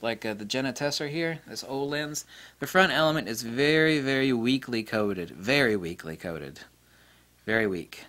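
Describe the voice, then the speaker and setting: A man's voice: mid-range voice, sharp tone. A man hosting a photography video, ranting in a blunt, sarcastic way, swearing freely, mocking other people's claims and laughing at his own jokes. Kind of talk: ranting casual monologue.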